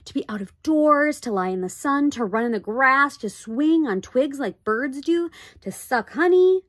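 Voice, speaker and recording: A bright, eager little girl in a storybook, her high voice lifting with wonder, as a woman reads her part. She sounds close and dry. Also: expressive, measured pace, dry recording. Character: eager, dreamy young borrower girl. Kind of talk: storybook reading.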